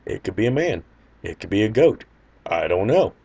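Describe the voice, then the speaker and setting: A man's voice: fairly low pitch, big pitch swings, moderate pace, creaky, dark tone, husky, muffled recording. A man casually telling a personal anecdote in a loose, rambling, wry way. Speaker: storyteller.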